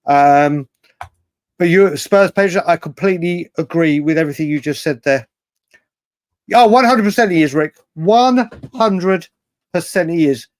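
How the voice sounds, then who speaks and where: A man's voice: a little high, measured pace, no room sound. A man hosting a live fan stream, chatting through viewer comments with a lot of repetition and the odd swear word. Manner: animated, swears, repeats himself often. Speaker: host of a live fan show.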